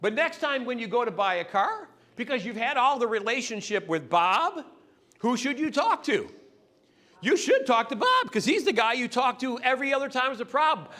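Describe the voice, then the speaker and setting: A man giving a sales training talk, animated and acting out customers' lines in quick voices. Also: very high voice.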